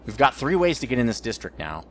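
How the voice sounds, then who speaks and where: A man's voice: medium pitch, sing-song, fast talker, creaky, a little hiss or hum. A man rambling through let's play commentary as the host of a gaming channel, joking about his own mistakes.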